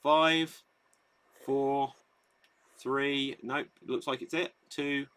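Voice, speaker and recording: A man's voice: mid-range voice, level tone, extremely slow, a bit bright, clear, resonant tone. A man hosting a live online improv comedy show, reading out audience votes and setting up games. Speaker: host.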